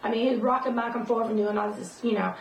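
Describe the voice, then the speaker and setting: Casting: chatty woman vlogger, a bit high-pitched, rambling, recorded at a distance from the mic. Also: fairly even intonation, fast, gravelly. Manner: rambling, with many fillers and restarts. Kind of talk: casual storytelling vlog. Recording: roomy sound from away from the mic, faint noise.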